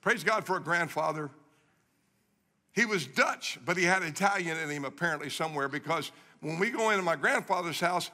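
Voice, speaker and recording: In a large hall with long reverb, a middle-aged man preaches as a guest, animatedly recounting stories and driving points home through repetition. His pitch is a little high, his pace a little fast, and his delivery pushed and bright.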